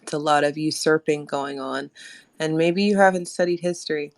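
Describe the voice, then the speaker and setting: A woman hosting a live audio chat discussion, speaking in a measured, steady way. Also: low voice, no echo. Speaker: host.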